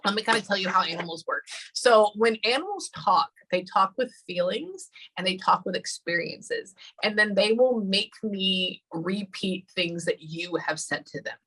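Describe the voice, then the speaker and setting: A woman in her thirties giving a spirit reading, talking haltingly and thinking aloud with many pauses. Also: medium pitch, fairly bright tone, breathy edge, low-quality recording. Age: 30s. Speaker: psychic medium.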